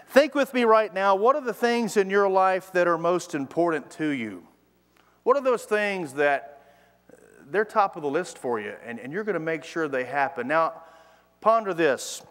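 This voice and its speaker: Middle-aged pastor, higher-pitched man, animated storyteller, church reverb. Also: moderate pace. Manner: animated storytelling, acting out the quoted voices. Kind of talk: sermon. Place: church sanctuary. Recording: long hall reverb.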